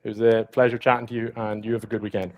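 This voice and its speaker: A man's voice: fairly low pitch, little pitch movement, racing, highs cut off. A man making a sales cold call, friendly and pushy.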